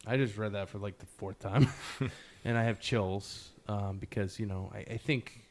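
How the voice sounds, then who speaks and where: Lower-voiced man telling war stories, chatty. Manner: animated, laughs at himself, many fillers; slow, measured poetry reading. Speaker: podcast guest. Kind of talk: casual storytelling interview.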